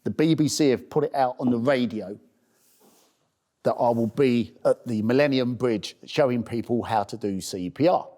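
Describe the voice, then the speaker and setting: A man's voice: mid-range voice, normal speed, mellow. A man earnestly telling a heartfelt personal story in a documentary. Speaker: first-aid campaigner.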